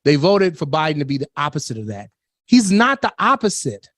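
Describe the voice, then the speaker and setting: Radio host, male, slightly high voice, blunt, dry studio sound. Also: big pitch swings, brisk, fairly bright tone, no room sound. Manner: blunt and opinionated, laughing between points. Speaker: radio talk show host. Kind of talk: political talk radio chat.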